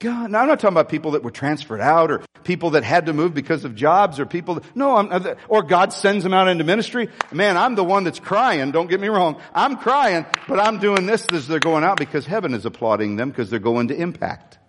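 Older male pastor, heartfelt sermon with many restarts, animated delivery, reverberant hall. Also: fairly high pitch, a little hiss or hum. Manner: emotional, confessional, with halting restarts.

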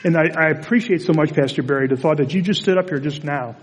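A man preaching a conversational sermon as pastor, in a relaxed and chatty storytelling manner, in a church sanctuary. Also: fairly high pitch, fast, big-room sound.

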